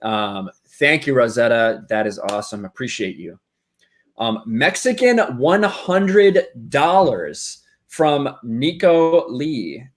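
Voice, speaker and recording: A man's voice: mid-range voice, sing-song, takes it slowly. Stream host guy, mid voice, easygoing, reads donations, lots of ums. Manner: easygoing, hesitant with fillers. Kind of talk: live stream, reading donations.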